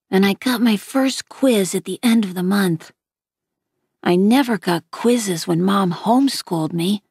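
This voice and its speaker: A woman reading a novel aloud in an unhurried, even storytelling manner. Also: fairly high pitch, vocal fry, slightly rough, no echo, clean studio sound. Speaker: reader.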